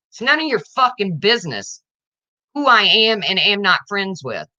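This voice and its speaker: A woman's voice: medium pitch, sing-song, moderate pace, bright, forceful tone, highs cut off. A woman livestreaming to her viewers, ranting in an indignant, confrontational way and addressing them directly.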